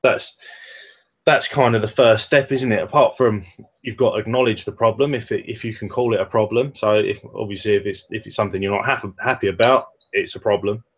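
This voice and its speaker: A man's voice: lowish voice, steady tone, brisk, breathy edge, lo-fi sound. A man co-hosting a casual webcast chat, explaining things step by step with hesitant fillers. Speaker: co-host, personal trainer.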